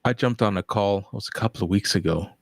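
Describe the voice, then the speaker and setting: Gravelly low-voiced man from Canada. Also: fast, dry recording, clean studio sound. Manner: easygoing, chuckles at his own anecdotes. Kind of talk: casual chat.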